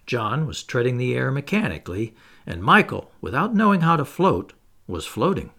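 A man narrating a classic children's storybook aloud in an expressive, animated reading. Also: medium pitch, moderate pace, vocal fry. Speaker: audiobook narrator.

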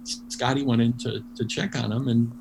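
Gravelly man telling an animated story. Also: mid-range voice, normal speed. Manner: animated, many restarts, laughs while telling. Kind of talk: casual storytelling interview. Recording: noisy background hum.

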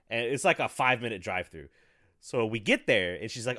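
A man in his thirties chatting casually, telling rambling profane stories with bursts of loud laughter. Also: mid-range voice, lively intonation, brisk, no echo, studio quality. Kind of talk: casual chat.

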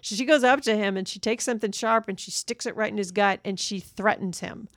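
A woman co-hosting a casual movie review chat, animated and laughing often as she recounts favorite scenes. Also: mid-range voice, brisk, no room sound, studio quality. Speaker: podcast co-host.

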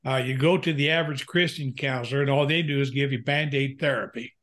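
An older man, a pastor and counselor, telling a candid personal story in an interview, earnest and halting with frequent fillers. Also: mid-range voice, steady tone, a bit bright.

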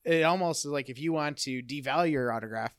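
A man in casual chat, talking things through in a relaxed, thoughtful way. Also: a little high, fast, clean tone, no room sound, studio quality.

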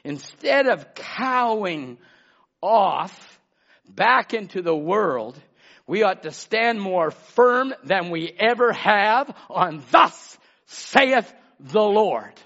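A man preaching a sermon as pastor, swinging between emphatic shouts and hushed asides and calling out listeners by name. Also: sits high, expressive, slow pace. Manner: calls out congregation members by name. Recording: dull lo-fi sermon recording.

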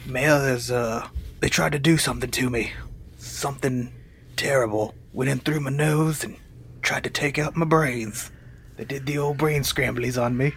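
Putting on a hammy folksy accent, a man plays a dazed adventurer in a mid-range, slightly bright voice with vocal fry. His intonation is fairly even, his speed normal, with slight background noise.

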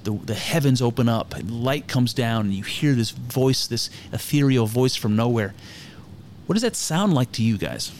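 A man's voice: mid-range voice, expressive, moderate pace, a little mellow, slight background noise. A man giving casual spoken commentary on scripture, frank and irreverent, swearing freely and thinking aloud with lots of fillers.

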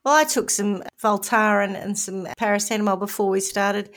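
A woman's voice: mid-range voice, fairly even intonation, a bit bright. A woman with an Australian accent co-hosting a casual podcast and steering the conversation. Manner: brisk, steering the chat. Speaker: co-host. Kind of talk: casual chat.

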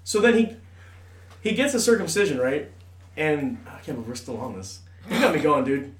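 A man in his thirties telling a story on a podcast in an animated, profane way, laughing often. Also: fairly high pitch, moderate pace. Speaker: podcast co-host. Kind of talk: casual storytelling. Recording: echoey room, a bit off-mic, faint hiss.

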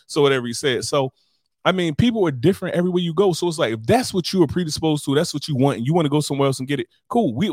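A young man co-hosting a podcast, swearing freely and telling rambling, animated stories in casual chat. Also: fairly high pitch, dry recording, studio quality. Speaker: podcast co-host.

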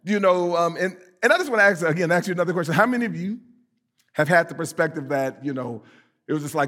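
High-voiced preacher, casual and animated. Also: male voice, fast talker. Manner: conversational, animated, rising to emphatic peaks on scripture; acts out quoted voices for comic effect. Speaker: pastor. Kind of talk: sermon.

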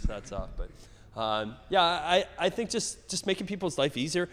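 His voice is lowish and fairly quick: a middle-aged gym owner from Canada in a casual interview chat. The stories ramble, swear and animate freely, with frequent restarts, and echoey hall reverb colors the sound.

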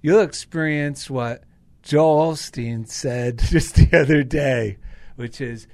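A man's voice: medium pitch, slow, vocal fry, darkish tone. A man talking enthusiastically and earnestly in a casual spiritual chat.

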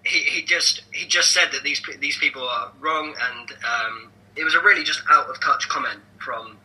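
Young guy rambling on a podcast, really bright tone, keeps restarting his sentences. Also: on the high side, normal speed, slight background noise, low-quality recording. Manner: rambling, animated, lots of restarts. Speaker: podcast co-host. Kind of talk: casual podcast chat.

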